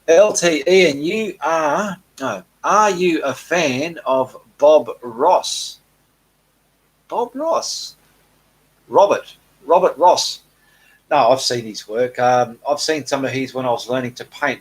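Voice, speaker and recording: A man hosting a relaxed live painting Q&A, reading viewer comments aloud in a chatty way with frequent ums. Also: medium pitch, breathy edge, low-quality recording. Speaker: painting channel host.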